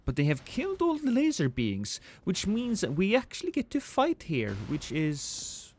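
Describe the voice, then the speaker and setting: A man's voice: sits high, huge pitch swings, moderate pace, darkish tone, a little hiss or hum. A man streaming a game live, chatting with viewers in a rambling, joking, self-deprecating way.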